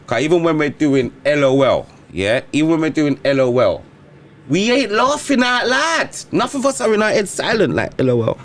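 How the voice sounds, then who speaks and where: A man with a London accent co-hosting a podcast, talking in casual, animated banter. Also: moderate pace. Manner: animated, swings from low mutter to shouting laughter. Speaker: podcast co-host.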